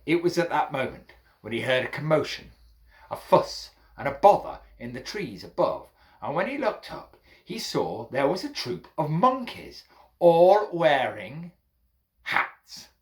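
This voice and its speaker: A man's voice: on the high side, big pitch swings, normal speed. Playful male storyteller. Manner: playful, addresses listeners as friends. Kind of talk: children's folk tale storytelling.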